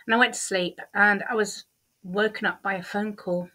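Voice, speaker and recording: A woman's voice: medium pitch, normal speed, sharp tone. Chatty woman telling her week. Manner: chatty and candid, many ums and repeats. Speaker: vlogger. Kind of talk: casual diary-style vlog.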